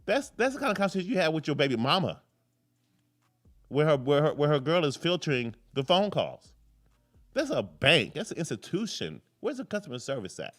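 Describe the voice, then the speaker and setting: A man's voice: a little high, wildly swooping pitch, a little fast, fairly bright tone, soft background music. A man hosting a live political commentary show, talking casually, rambling off on tangents and cursing freely. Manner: rambling, jumps between tangents, curses freely.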